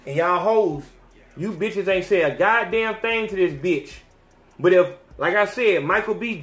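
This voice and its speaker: A male podcast host on an animated, slangy rant full of swearing. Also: high voice. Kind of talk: profane rant. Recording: roomy echo.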